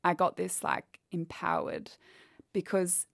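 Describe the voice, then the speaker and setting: A woman's voice: lowish voice, level tone, slow pace, vocal fry, fairly bright tone, dry recording, studio quality. A woman, telling a painful personal story candidly in an interview. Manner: candid, quotes others as she retells. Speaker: guest.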